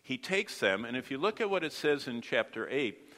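A man's voice: mid-range voice, sing-song, moderate pace, bright, forceful tone, big-room sound. A man teaching a Bible study lesson, asking the class questions and explaining with everyday comparisons.

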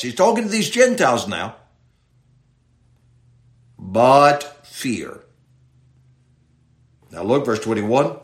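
A man teaching a Bible passage verse by verse in sermon style, reading slowly and stressing key words. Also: medium pitch, sing-song, roomy sound. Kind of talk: expository sermon.

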